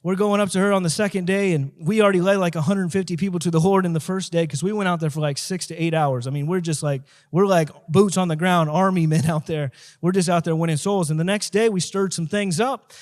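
A man with a high-pitched voice tells his testimony as a guest evangelist. He talks emphatically, repeating his points and rising into a preaching tone. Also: fast, few pauses. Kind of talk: testimony told in an interview.

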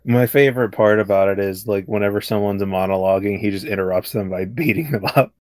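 A man's voice: lowish voice, a little fast, darkish tone, dry recording. A young man in casual podcast chat, laid-back and joking crudely. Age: young adult. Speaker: podcast co-host.

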